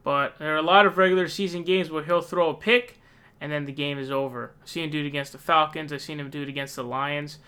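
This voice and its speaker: A man's voice: fairly high pitch, fairly even intonation, fast talker, pushed and bright, smooth. A young man ranting angrily about his team's losses in a casual, profane, exasperated way. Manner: frustrated, profane, exasperated outbursts. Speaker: sports fan ranting. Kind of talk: angry casual rant.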